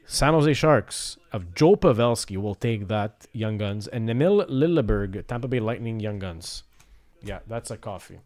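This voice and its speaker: A man's voice: on the low side, animated, a little slow, few pauses, darkish tone. Man calling out cards in a live break. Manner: rattles off card names and teams, upbeat asides. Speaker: card break host. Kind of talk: live pack-opening commentary.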